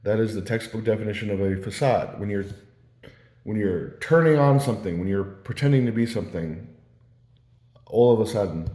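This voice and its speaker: Man, low and mellow, loose rambling storyteller, echoey room. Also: animated, moderate pace. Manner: meandering storytelling with many fillers and restarts. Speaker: vlogger. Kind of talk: casual rambling monologue. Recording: roomy echo.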